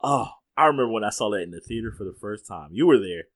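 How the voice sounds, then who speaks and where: A man's voice: lowish voice, fast talker. A man casually chatting about a film, laughing often and acting out scenes as he retells them. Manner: laughs often, animated retelling with quoted lines. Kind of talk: casual movie chat.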